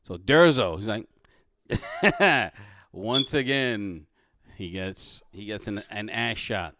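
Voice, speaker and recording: A man running a tabletop game as game master, casual and halting, with lots of fillers and restarts. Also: lowish voice, lively intonation, pushed and bright, no room sound, studio quality.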